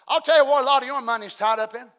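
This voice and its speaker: A middle-aged man preaching a fiery sermon as pastor, swinging from hushed asides to loud shouting. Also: very high voice, rapid-fire.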